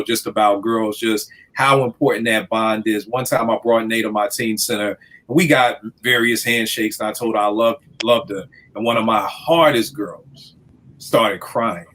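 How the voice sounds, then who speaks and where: Animated man telling stories. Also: medium pitch. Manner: animated storyteller, acts out quotes. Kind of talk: casual podcast conversation.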